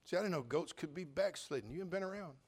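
An older man delivering a sermon in a folksy, joking storytelling way. His voice sits a little high for a man, and it swells into loud preaching peaks. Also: lively intonation, racing, breathy edge. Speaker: pastor.

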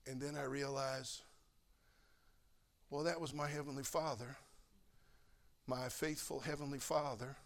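An older man preaching a sermon as pastor, swinging between loud fervor and quiet storytelling. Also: mid-range voice, steady tone, measured pace, gravelly, long pauses.

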